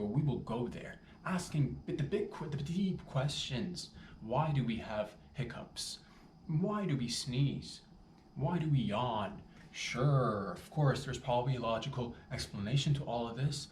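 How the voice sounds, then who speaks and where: A man hosting a podcast, delivering a rambling, profane comedic monologue with animated asides. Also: mid-range voice, moderate pace. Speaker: podcast host. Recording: roomy, distant mic with faint background noise.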